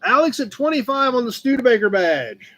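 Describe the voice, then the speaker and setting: A man's voice: very high voice, sing-song, fairly quick, bright, forceful tone. A man hosting a casual live-stream auction of car badges, chatting about each piece and calling out the bids. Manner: chatty, talks to his cat between bids.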